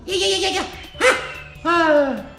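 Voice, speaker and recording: A man voicing Mario, a jolly plumber hero, with an exaggerated Italian accent and squeaky, sing-song exclamations. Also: takes it slowly, pushed and bright, exaggerated voice. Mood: gleeful. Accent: exaggerated Italian put-on. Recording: echoey room with music.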